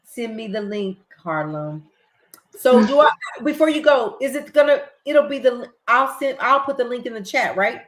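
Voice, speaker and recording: An older woman with a Southern US accent, hosting a casual late-night live-stream chat, excitable and quick to laugh. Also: a little high, reverberant, poor audio. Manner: chatty, excitable, laughs easily. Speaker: livestream host.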